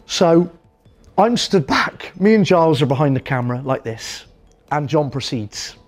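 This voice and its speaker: Brief: male comedian with a high voice, animated storyteller, faint music underneath. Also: measured pace. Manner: animated, self-amused storytelling. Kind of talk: comic anecdote.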